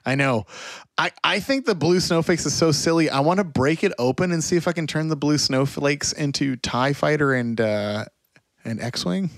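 A man's voice: fairly high pitch, normal speed, no room sound, studio quality. A man co-hosting a podcast, talking casually and often checking in with "right?". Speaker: podcast co-host. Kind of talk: casual chat.

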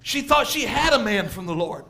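A middle-aged man preaching a sermon as pastor, animated, laughing and acting out quotes from people. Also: high-pitched, moderate pace.

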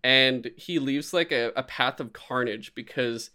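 A man's voice: mid-range voice, a little slow, clean tone. A man in casual podcast chat, rambling and swearing as he animatedly retells a story. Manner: rambling, profane, animated retelling with put-on voices.

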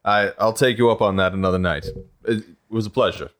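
A man's voice: on the low side, a little fast, a bit bright. A man playing a tabletop game, joking and describing his character's actions unhurriedly. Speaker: player.

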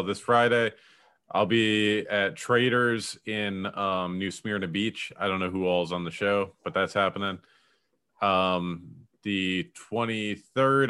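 Low-voiced man steering the chat. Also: a bit bright, clean tone. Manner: steers the talk, brisk and plain. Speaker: comedian co-host. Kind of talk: casual podcast chat.

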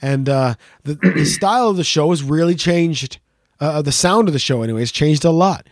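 High-voiced rambling joking podcast man. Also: lively intonation, normal speed, dry recording, clean studio sound. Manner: rambling, jokey, swears freely. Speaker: podcast co-host. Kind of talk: casual chat.

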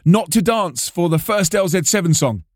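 A cheery festival organiser, put on by a man, teasing in short, clipped, broken phrases. The voice is lifted well above his own pitch. It is recorded close and dry. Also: animated, normal speed, no echo.

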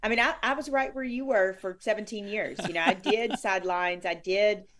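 A woman's voice: mid-range voice, a little fast, a bit bright. A middle-aged woman, a former sportscaster, telling stories in a bubbly, effusive way as a guest in an interview. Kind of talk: conversational interview.

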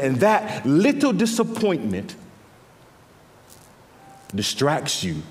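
A man preaching a sermon as pastor, swinging between quiet intimate passages and louder emphatic lines, often repeating words as he builds a point. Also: fairly high pitch, slow pace, long pauses. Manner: animated preaching, drops to quiet intimate tones and rises for emphasis. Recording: long reverb of a large hall.

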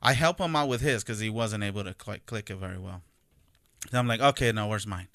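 Casual storyteller, man in his 30s, bright crisp voice, animated, dry close sound. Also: fairly low pitch, a little fast, no room sound. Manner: animated storyteller, acts out quotes. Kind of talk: casual chat.

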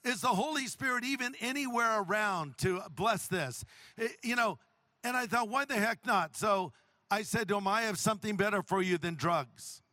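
Man, pastor, sermon, humorous storyteller, high bright voice, dry close sound. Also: normal speed, no room sound.

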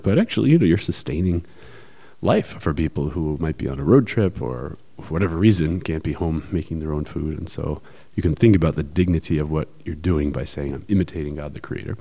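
A man's voice: very deep voice, a little fast, warm tone. A man co-hosting a podcast, explaining ideas in a casual discussion, thoughtful and full of fillers. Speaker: podcast co-host.

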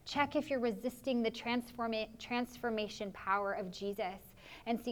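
A woman's voice: a little high, fairly even intonation, normal speed. A woman pastor preaching a sermon in an earnest, confessional way, often slipping into spoken prayers as asides.

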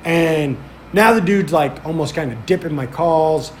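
A man hosting a podcast, telling a story in a casual, rambling way full of fillers and swearing, getting animated when he recounts what people said. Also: on the high side, a little slow, slight background noise. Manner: rambling, filler-heavy, profane. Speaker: podcast host.

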